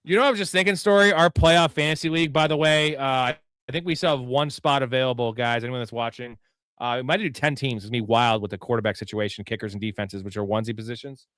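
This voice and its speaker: Male host, rambling and profane, smooth clear voice, dry close sound. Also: mid-range voice, quick pace, a bit bright, dry recording. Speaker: fantasy football show host. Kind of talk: casual live show chat.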